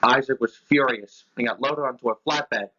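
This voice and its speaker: A man's voice: medium pitch, moderate pace, bright, forceful tone. A man reading a scripted storybook tale in a plain narrating manner, in a dull lo-fi recording.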